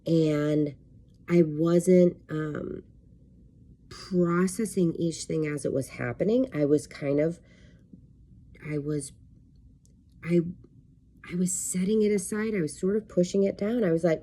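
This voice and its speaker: A woman's voice: fairly low pitch, steady tone, slow pace, long pauses, mellow. A woman who works as a life coach, telling a personal story in a candid, rambling vlog style with plenty of fillers. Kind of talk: casual talking-to-camera vlog.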